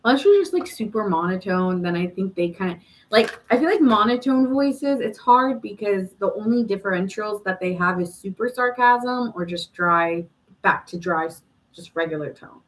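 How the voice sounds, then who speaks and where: A woman's voice: mid-range voice, lively intonation, moderate pace, a little hiss or hum, rough recording. A woman hosting a live tarot reading stream, chatting casually and answering viewer comments with frequent laughs.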